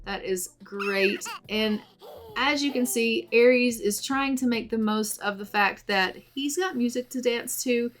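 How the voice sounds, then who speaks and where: A woman's voice: on the high side, measured pace. A woman giving casual, chatty let's play commentary on a life-sim game, doting on the characters. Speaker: gaming channel host.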